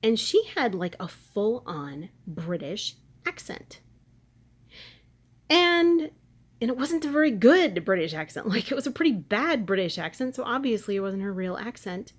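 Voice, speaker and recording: A woman's voice: mid-range voice, big pitch swings, unhurried. A woman vlogger chatting in a rambling, gossipy way to her viewers. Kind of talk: casual chat.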